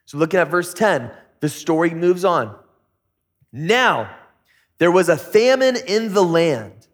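A man's voice: sing-song, slow. A middle-aged man preaching a sermon as pastor, conversational with jokey asides. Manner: conversational, jokey asides with sudden high-pitched bursts.

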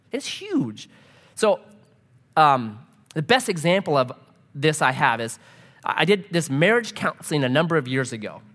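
A male pastor delivers a sermon with a lively, swinging pitch and a voice a little higher than most men's. He moves between storytelling and scripture with quick asides. His words carry the long reverb of a church sanctuary. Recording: long reverb of a large hall.

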